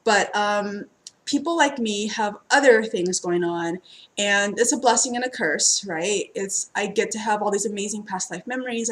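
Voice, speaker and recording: A woman chatting casually and ramblingly as a twin flame tarot reader, with lots of fillers and frequent laughter. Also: mid-range voice. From United States. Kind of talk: casual spiritual reading introduction.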